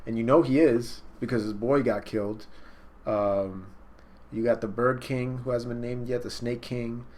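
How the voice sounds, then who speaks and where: A man casually and excitedly recapping a comic chapter in slangy talk during a live stream, jumping into the characters' lines. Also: medium pitch, measured pace. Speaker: online manga reaction host.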